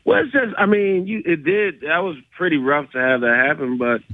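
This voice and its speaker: A man in his thirties, a guest comedian calling in, telling stories in a halting, laid-back way with many restarts. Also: fairly high pitch, expressive, dry recording. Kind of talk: casual storytelling. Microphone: phone. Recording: tinny dry phone line.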